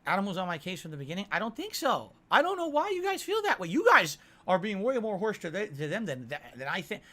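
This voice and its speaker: A man with a high, very animated voice hosts his own livestream, speaking quickly in a bright, forceful tone. He reads viewer messages and answers them defensively, often tossing a "right?" to chat.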